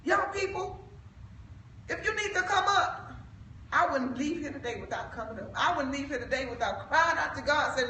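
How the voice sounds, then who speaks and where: Fervent woman preacher, high bright voice. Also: expressive, normal speed, slight background noise. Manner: fervent, rising to shouts, talks to young people. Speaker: evangelist. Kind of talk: church exhortation. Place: church sanctuary. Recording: echoey church, mic from a distance.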